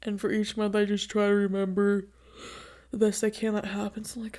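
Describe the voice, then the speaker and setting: Recording on a new desk mic with no windscreen, this young podcast host chats casually, gushing, laughing often and cursing offhandedly. Yet her medium-pitched, darkish voice is delivered completely flat and at a brisk pace.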